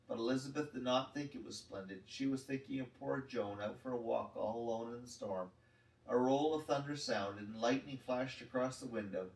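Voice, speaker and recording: A man reading a children's chapter book aloud in a gentle, measured storytelling manner. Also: medium pitch, gravelly. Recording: roomy, distant mic.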